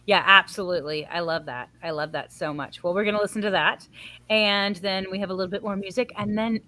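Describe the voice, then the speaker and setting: A woman hosting a music radio show and working as a vocal teacher, chatting in a lively, coaching way and laughing often. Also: medium pitch, fairly quick. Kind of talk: casual chat.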